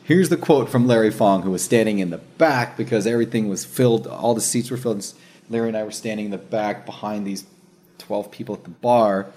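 A man hosting a casual chat, telling a story with energy, swearing and acting out what others said. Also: on the low side. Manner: animated, slangy storyteller who swears and says dude and bro; acts out others' words in quick asides.

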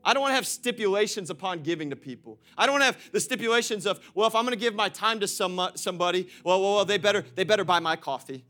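A young man preaching a sermon to his congregation, lively and direct, swinging from loud calls to quiet storytelling and laughing often. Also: sits high, fast, few pauses, faint music behind. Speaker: pastor.

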